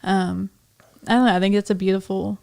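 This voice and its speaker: A woman's voice: medium pitch, level tone, a little fast, vocal fry. A woman hosting a podcast, chatting casually and often murmuring agreement. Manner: warm, affirming, frequent murmured agreement. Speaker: podcast host. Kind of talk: casual conversation.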